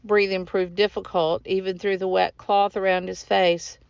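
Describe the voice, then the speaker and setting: A woman author reads her own novel aloud in a steady, measured voice. Her tone is smooth and clear, recorded dry and close. The recording sounds a little dull, with a lo-fi edge. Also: medium pitch, no echo.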